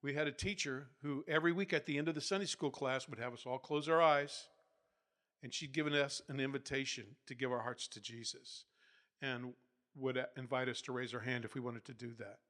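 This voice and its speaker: A man preaching a sermon, telling revival stories and building up to loud, emphatic peaks before settling back down. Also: medium pitch, steady tone, fairly quick. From United States. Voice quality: not soft-spoken. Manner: storytelling, builds to loud emphatic peaks, laughs between points. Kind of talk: sermon storytelling.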